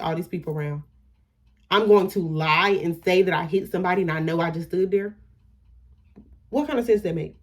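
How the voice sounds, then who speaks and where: Pitched on the low side, this young woman's voice carries an indignant, emphatic storytime for her vlog. She curses without restraint and lets skipped details fade into a "da, da, da."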